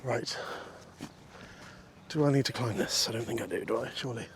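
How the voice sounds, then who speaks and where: A male vlogger speaks at a moderate pace in a mid-range voice while walking countryside paths and fields. His chat is casual, full of jokes for viewers and for the sheep he passes, and faint wind is audible outdoors.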